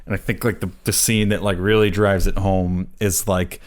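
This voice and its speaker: A deep-voiced man co-hosting a podcast rambles through a casual movie review chat at normal speed, his pitch barely moving. He uses many fillers and restarts.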